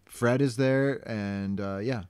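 A man's voice: mid-range voice, takes it slowly, a little mellow, clean tone, no echo. A man co-hosting a podcast in casual chat, laid-back and blunt, swearing freely. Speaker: podcast co-host.

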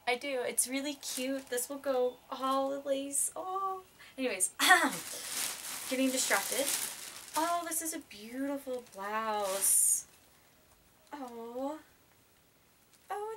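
A young woman vlogger gushing and rambling in a casual unboxing chat, full of excited gasps. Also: high-pitched, a little hiss or hum.

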